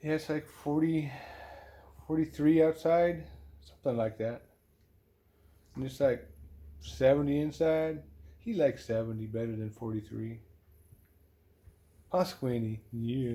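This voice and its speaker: A man talks slowly to his pets in a gentle, doting voice, slipping into soft baby talk and whispers. His tone is mellow and a little husky. He is recorded indoors at home for a casual vlog. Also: medium pitch. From US Pacific Northwest. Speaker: cat channel host. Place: home living room, indoors.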